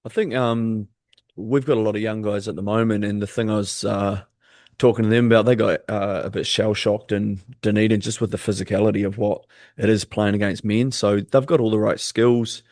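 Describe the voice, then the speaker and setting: A man, talking easily as a basketball guest on a podcast, with many "um" pauses. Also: on the low side, fairly even intonation, a little mellow, no room sound, studio quality. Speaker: basketball player and coach, guest. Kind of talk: casual podcast interview.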